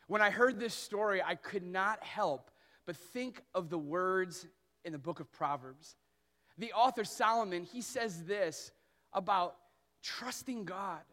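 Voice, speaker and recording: A man in his thirties preaching a sermon as pastor, telling stories earnestly and slowing down on key phrases. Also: high voice, lively intonation, fairly bright tone.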